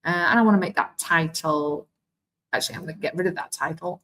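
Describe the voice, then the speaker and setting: A woman with a Welsh accent walks teachers through a live online demonstration. Her voice sits a little low, and she talks in a chatty, self-deprecating way, thinking aloud as she clicks. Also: brisk, fairly bright tone, a little hiss or hum, low-quality recording. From Wales. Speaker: teacher trainer.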